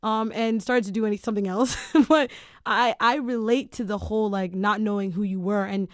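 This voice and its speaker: A woman's voice: mid-range voice, fairly even intonation, moderate pace, dry recording, clean studio sound. A woman hosting a podcast, chatting in a relatable way with fillers. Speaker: podcast host. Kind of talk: casual podcast chat.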